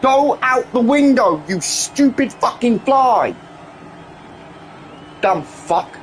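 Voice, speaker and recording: A man's voice: very high-pitched, big pitch swings, takes it slowly, a little hiss or hum. A man streaming a game, ranting in an exasperated, heavily sweary way. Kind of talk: casual live-stream rant.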